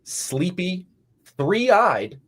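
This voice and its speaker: A man's voice: sits high, very animated, very slow, husky. A man with a Boston accent, co-hosting a live online chat over a video call and playfully announcing game rules. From Boston area, US. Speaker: co-host. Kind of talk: casual live stream chat.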